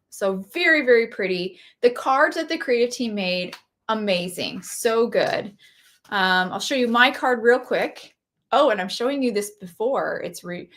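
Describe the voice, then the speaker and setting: Brief: fairly high-voiced woman, enthusiastic live crafting demo host, casual and gushy. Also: a bit bright. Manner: chatty and enthusiastic, gushing over products. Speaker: craft product demonstrator. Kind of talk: casual live product walkthrough.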